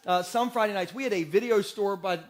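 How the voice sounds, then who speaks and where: A man in his forties preaching a sermon in a church, energetic and joking, often asking the congregation questions. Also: high-pitched, a little fast. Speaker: pastor. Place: church sanctuary.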